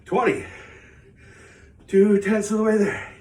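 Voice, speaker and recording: A man's voice: high voice, fairly even intonation, takes it slowly, darkish tone, far from the mic. A man hosting his own channel, chatting casually and rambling while out of breath from exercise. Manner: chatty, rambling, self-mocking. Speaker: channel host. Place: home studio. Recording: echoey room, away from the mic.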